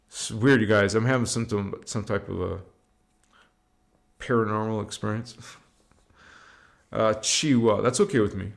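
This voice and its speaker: Man chanting slow spiritual affirmations. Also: lowish voice, gravelly. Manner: loose and slangy, swears, drifts between chat and slow incantation. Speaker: spiritual livestream host.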